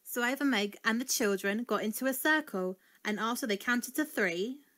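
A woman reads a children's storybook aloud with lots of expression. Her voice sits fairly high, and she keeps a normal speed.

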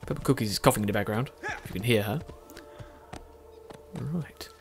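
In a lower voice at a moderate pace, this man hosts a gaming video, chatting away as he plays. He's tired, his throat is sore, and his talk rambles, with frequent self-corrections.

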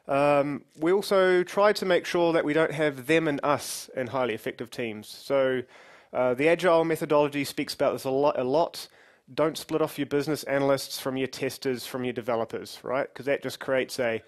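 A man's voice: mid-range voice, fairly quick. A middle-aged man giving a conference keynote on stage as a company CEO, joking with the audience and leading it in games. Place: large conference hall with audience.

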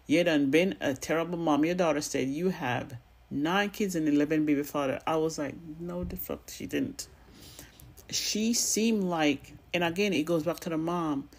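A woman's voice: low voice, normal speed. A woman with a noticeable accent giving blunt, sassy, profane commentary in a casual vlog. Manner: has a non-standard accent of her own. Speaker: gossip commentary vlogger.

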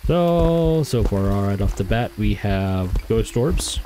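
Man, low voice, casual gameplay commentary, thinking aloud, self-correcting, faint background noise. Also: expressive, slow pace, mellow, poor audio. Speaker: gaming streamer.

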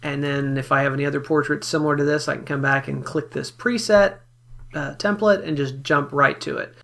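A man giving a relaxed, step-by-step photo editing software tutorial, talking casually with fillers as he works. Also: fairly high pitch, brisk, vocal fry. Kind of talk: screen-recorded software tutorial.

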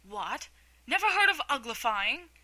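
A woman's voice: mid-range voice, lively intonation, normal speed, sharp tone. A woman voicing the Gryphon, a blunt, impatient beast. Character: gruff, blunt winged beast, impatient and scolding. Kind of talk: storybook reading.

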